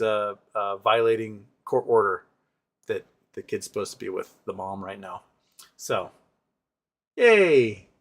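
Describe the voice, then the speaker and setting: A man hosting a casual livestream, reading viewer comments and answering them in a sarcastic, rambling way with many fillers. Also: mid-range voice. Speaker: livestream host.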